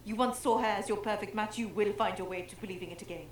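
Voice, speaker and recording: A woman's voice: medium pitch, fast, lightly acted. An actress playing an earnest young noblewoman. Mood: pleading.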